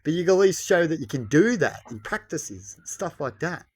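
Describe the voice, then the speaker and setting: A man's voice: a little high, animated, fairly quick. A man rambling bluntly in a casual monologue, lecturing a listener and tossing in tag questions and mild swearing. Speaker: vlogger.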